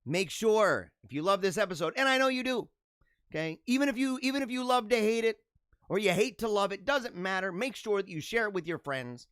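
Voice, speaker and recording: A man's voice: high-pitched, animated, brisk, fairly bright tone, smooth, dry recording, studio quality. A man in his forties hosting a casual solo show, reacting to memes with jokey, chuckling asides. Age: 40s. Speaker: podcast host.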